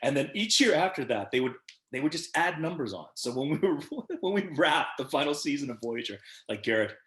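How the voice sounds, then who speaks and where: A man's voice: a little high, a little fast. A man in his fifties, a guest on a video call interview, telling stories with lots of laughter and acting out the quotes. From United States. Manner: animated storyteller who laughs often and acts out the quotes. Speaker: actor guest. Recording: echoey room.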